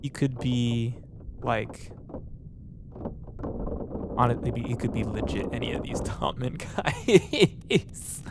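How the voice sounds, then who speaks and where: A young man talks through a game as he plays, rambling and thinking out loud, stumbling over restarts and fillers. His voice sits in a middle pitch, and clear noise hums under the recording. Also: big pitch swings, takes it slowly, long pauses. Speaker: gameplay commentator. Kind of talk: casual let's play commentary.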